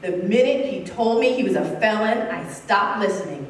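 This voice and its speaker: A woman's voice: medium pitch, expressive, moderate pace, distant mic. Earnest woman speaking in an echoey hall. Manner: earnest, builds up then drops to soft intimate tones. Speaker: author and civil rights lawyer giving a talk. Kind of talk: conference speech with personal storytelling. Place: large conference hall.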